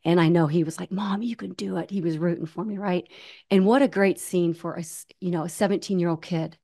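A woman in her forties tells a personal story as an interview guest. Her voice sits slightly low, and she talks in an animated way with frequent restarts. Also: brisk. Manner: animated, many restarts, acts out quoted voices. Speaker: guest, ultramarathon runner.

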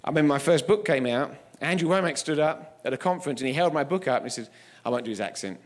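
High-voiced male preacher, emphatic. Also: lively intonation, quick pace. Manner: humorous storytelling, emphatic. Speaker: guest preacher. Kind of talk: sermon.

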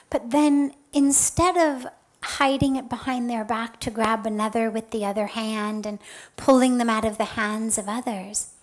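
A woman who teaches spirituality tells a story during a talk, soft and earnest, her fairly high voice frequently sinking to a breathy near-whisper. The audio quality is poor.

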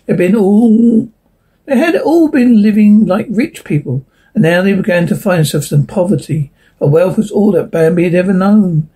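Woman reading a kids' novel, really husky voice, mellow and warm, bit of self-correcting. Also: medium pitch, animated, normal speed, low-quality recording. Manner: informal reading with restarts. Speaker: narrator.

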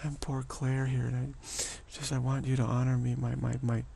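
A man voicing a whiny, grieving woman who pleads in a wailing, halting way. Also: mid-range voice, little pitch movement, vocal fry, dark tone, slightly rough. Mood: wailing mock grief. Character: whiny grieving woman mourning a lost spirit.

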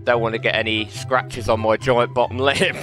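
A man giving excitable, joking gameplay commentary as host of his own channel, laughing often and playing around with his lines. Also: mid-range voice, measured pace. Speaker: gaming host. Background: background music.

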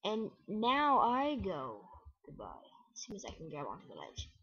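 A woman giving let's play commentary on a game, muttering to herself and breaking into excited yelps and exclamations. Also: mid-range voice, normal speed, dull audio. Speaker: gamer.

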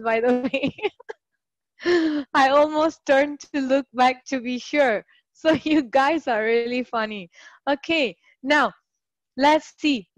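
A woman's voice: sits high, dry recording. A woman tutoring English in a live online class, chatty and encouraging, greeting students by name.

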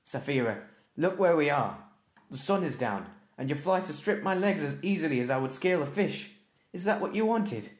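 A man's voice: lowish voice, normal speed, natural voice. A man doing a hurt, frustrated farm boy. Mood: exasperated. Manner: pleading and exasperated. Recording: echoey room.

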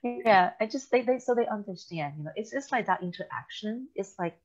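A woman's voice: mid-range voice, expressive, brisk, dull audio. A woman co-hosting a church talk show, telling stories with laughter and acted quotes. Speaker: podcast co-host. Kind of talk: casual chat.

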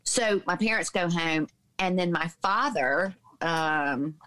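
A woman in her fifties from the Southern United States, a podcast guest telling personal stories in a lively way, with many fillers. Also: on the low side, slow, poor audio. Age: 50s. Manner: lively storyteller, mimics voices in quotes, many fillers. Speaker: podcast guest, author and healer. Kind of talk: personal storytelling in a conversation.

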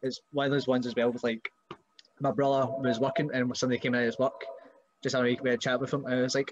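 A man's voice: medium pitch, little pitch movement, fast talker, a little hiss or hum. A young Scottish man, a wrestler, chatting casually on a podcast and joking about people he meets. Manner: joking, does mocking voices of relatives. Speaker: wrestler guest.

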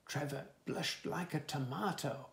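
A man's voice: fairly high pitch, measured pace, creaky. A man reading a picture book aloud to children, adding playful asides about the pictures. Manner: animated, playful asides to young listeners. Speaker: children's storyteller.

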